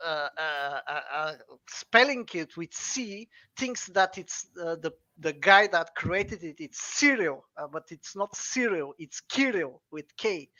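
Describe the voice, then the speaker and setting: A man from Bulgaria with a Bulgarian accent, a non-native English speaker, talking as a podcast guest in casual conversation and pausing often with fillers and restarts. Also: on the high side, lively intonation, bright, forceful tone. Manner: hesitant, many filler pauses and restarts.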